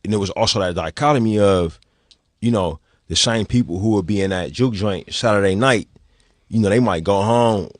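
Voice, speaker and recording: A man with a thick Oakland accent and a lowish voice talks casually as a guest, often restarting and repeating words. The sound is dry and close. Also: no echo. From Oakland, California. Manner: halting, repeats words, many "you know what I mean". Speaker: guest speaker. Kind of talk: clip of a casual panel talk.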